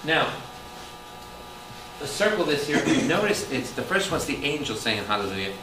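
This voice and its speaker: A man, a Catholic priest, teaching a lively Bible study, firing questions at his listeners and breaking into loud exclamations. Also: fairly high pitch, moderate pace. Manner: animated, quizzes the audience with constant questions, bursts into loud exclamations. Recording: echoey room, distant mic, audible background noise.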